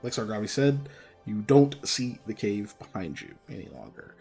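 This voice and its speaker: Low-voiced man running a tabletop game. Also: moderate pace, vocal fry, faint music behind. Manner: relaxed, joking, hesitant fillers. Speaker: game master.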